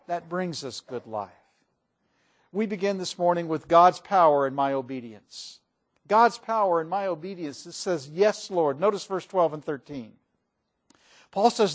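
A man preaching a sermon in a church, folksy and emphatic, rising and falling in loudness for emphasis. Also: high voice.

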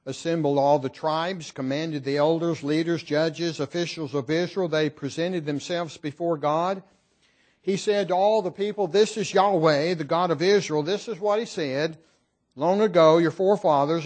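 A man preaching a sermon in an earnest, emphatic, measured way. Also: a little high, darkish tone.

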